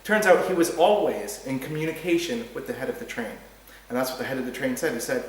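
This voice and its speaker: A man's voice: mid-range voice, expressive, quick pace, a little hiss or hum. A man hosting a talk show, talking in a heated, rambling way, often restarting words and swearing. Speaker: podcast host. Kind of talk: casual ranting monologue. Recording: very echoey room, distant mic.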